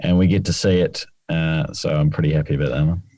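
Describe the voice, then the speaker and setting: A man co-hosting a podcast as the rules expert, explaining things in a laid-back, measured way. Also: rumbling low, steady tone, warm tone, dry recording. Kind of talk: casual chat.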